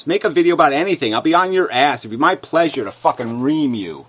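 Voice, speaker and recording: A man's voice: medium pitch, lively intonation, fast, hardly any pauses, husky. A man delivering an angry, profane rebuttal rant full of insults, as a video commentator. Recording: narrow phone-like lo-fi sound.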